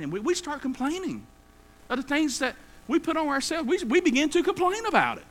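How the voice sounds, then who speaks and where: A man's voice: very high voice, huge pitch swings, fairly quick, noisy background. A man preaching a sermon, folksy and acting out everyday complainers. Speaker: pastor.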